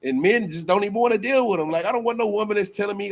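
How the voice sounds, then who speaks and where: A high-voiced, animated man, a teacher at a religious school, preaches in loose, joking banter at a very fast clip with few pauses. He laughs often, repeats himself, restarts mid-phrase, and trails off into fillers, with a little hiss or hum in the recording.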